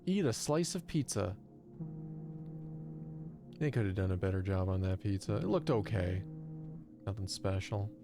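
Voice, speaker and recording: A male streamer talks his way through a game, his pitch bouncing high and low as he jokes and complains. He sounds amused and disbelieving, with an easy habit of casual swearing. Faint music plays underneath. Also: expressive, measured pace, creaky, long pauses. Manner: chatty, incredulous, mocks the game character. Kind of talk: live gameplay commentary.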